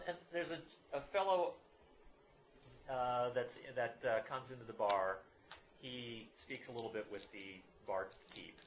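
A man's voice: on the low side, noisy background. A man narrating a tabletop game as game master, rambling with many fillers and restarts.

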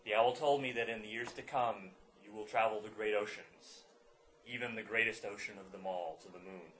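A man voicing a very old male medicine man who tells a story slowly and solemnly in a tabletop game. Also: on the low side, steady tone, fairly bright tone, a little hiss or hum, natural voice, rough recording.

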